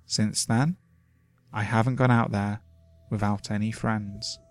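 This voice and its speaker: A man reading first-person scary stories from the woods as scripted horror narration, steady and measured. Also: fairly low pitch. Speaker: creepypasta narrator. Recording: faint music underneath.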